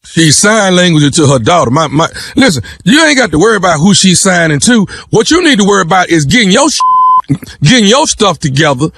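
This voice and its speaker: Pushy high-pitched radio guy, dry studio mic, all over the place in pitch. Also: big pitch swings, brisk, fairly bright tone, no room sound. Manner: brash, pushy, repeats himself. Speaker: radio prank caller. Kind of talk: prank phone call on morning radio.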